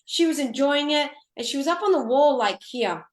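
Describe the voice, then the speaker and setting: A woman guest on a radio talk show telling an emotional personal story, often halting and restarting. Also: sits high, animated, roomy sound. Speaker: guest, photographer.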